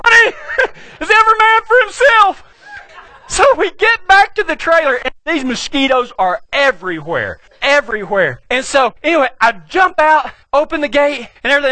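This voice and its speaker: A middle-aged man with a West Texas accent, a pastor telling a humorous story in an animated, folksy way. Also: extremely high pitch, no room sound.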